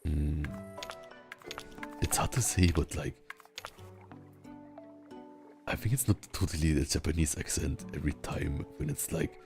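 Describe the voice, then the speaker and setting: A man with a Southern German accent and a rolled R, a native German speaker chatting casually while streaming a game, talking slowly with long pauses. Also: expressive, over music. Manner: slow, rumbly speech with long pauses. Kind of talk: casual chat while gaming.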